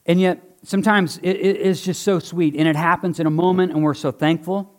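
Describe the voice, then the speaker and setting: A male pastor preaches to his congregation in a warm, conversational tone. His voice sits a little higher than most men's. He moves between earnest exhortation and light joking with the people in front of him. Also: steady tone, fairly quick. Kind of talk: sermon with live object lesson. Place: church before a congregation.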